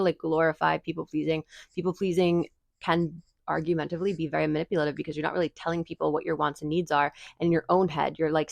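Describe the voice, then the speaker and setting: A woman talks quickly through listener advice, her low voice carrying a gravelly edge. She rambles in a chatty way, circling back with fillers and restarts. The sound is close and dry, with no room around it. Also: no room sound. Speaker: podcast host giving advice. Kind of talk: casual advice monologue.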